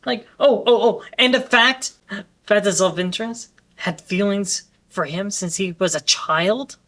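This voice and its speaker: A man's voice: high voice, a little slow, pushed and bright. A man co-hosting a film review, ranting in an exasperated, emphatic way. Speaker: co-host. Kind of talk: animated film review rant.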